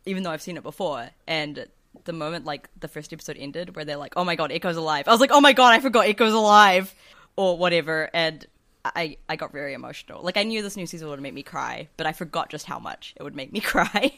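Gushing, chatty woman, lowish voice. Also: quick pace, fairly bright tone. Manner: gushing, chatty, many fillers. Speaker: podcast co-host. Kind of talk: casual chat.

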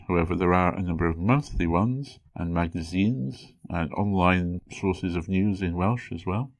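A man hosting an educational podcast, reading a scripted explanation in a measured way and slowing down to pronounce example phrases. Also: sits low, a little mellow. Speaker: podcast host.

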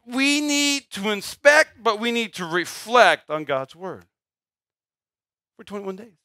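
A man preaching a sermon as pastor, emphatic, swinging between loud declarations and quiet asides. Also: high voice, slow pace, dry recording, studio quality.

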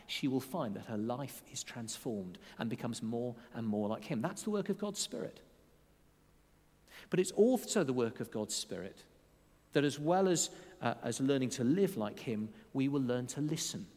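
A man preaching a sermon as pastor during a church service, earnest and expressive, slowing down to lean on key phrases. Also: mid-range voice. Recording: long reverb of a large church hall.

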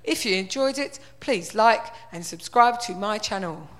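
Woman plays homely dog vlogger, fifties, chirpy and rambling, a bit louder than her own voice. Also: mid-range voice, expressive, a little slow, close to an everyday voice. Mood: chatty. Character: cheerful man in his fifties vlogging dog walks.

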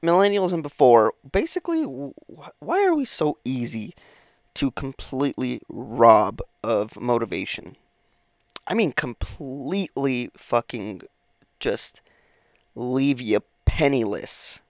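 A man's voice: mid-range voice, expressive, slow pace, no room sound, clean studio sound. A man hosting his own podcast, talking alone in a rambling, profane, self-interrupting way, sleepy and yawning in the morning. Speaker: podcast host. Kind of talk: casual solo podcast monologue.

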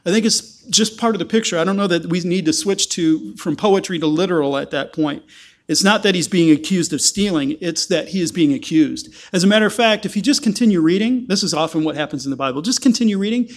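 A man's voice: high-pitched, fast. A man preaching an earnest sermon, often repeating words as he explains scripture. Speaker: pastor.

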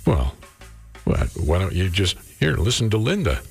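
A man's voice: deep voice, wildly swooping pitch, moderate pace, creaky, faint music behind. Chatty male morning radio host. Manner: chatty, laughs often. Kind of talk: casual radio banter.

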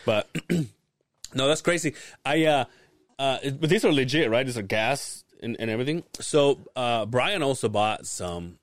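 A man's voice: mid-range voice, lively intonation, normal speed, no room sound, studio quality. A man co-hosting a podcast, laid-back and profane, laughing often as he tells stories. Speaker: podcast co-host. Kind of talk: casual chat.

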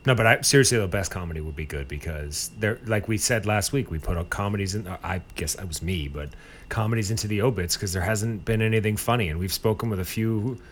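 A man with a fairly low voice trades blunt, crude opinions in relaxed podcast chat. Faint background noise sits behind his voice, which stays loose and unpolished. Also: quick pace. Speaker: podcast co-host. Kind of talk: casual chat.

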